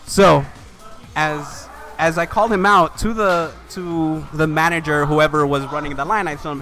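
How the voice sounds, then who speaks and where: A man's voice: on the high side, fairly even intonation, normal speed, pushed and bright, soft background music. A man telling a long frustrated story in casual chat, full of "you know" and "like" fillers. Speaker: commentator.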